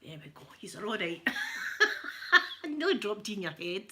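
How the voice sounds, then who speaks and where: A woman's voice: mid-range voice, very animated, unhurried, sharp tone. A woman with a Glaswegian accent chatting casually at home while ironing, jokey and laughing often. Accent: Scottish, Glaswegian. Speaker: ASMR creator. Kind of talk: casual chat.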